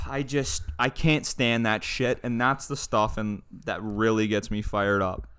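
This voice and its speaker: A young man with a lowish voice chats on a podcast, ranting crudely and swearing freely as he tells a story. His tone stays smooth and clear, and he often gets heated between laid-back stretches. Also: flat delivery, slow pace, fairly bright tone. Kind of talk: casual chat.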